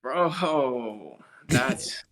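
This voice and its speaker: A man's voice: medium pitch, expressive, extremely slow, a bit bright. A young man co-hosting a podcast in casual chat, joking and teasing his friend. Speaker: podcast co-host.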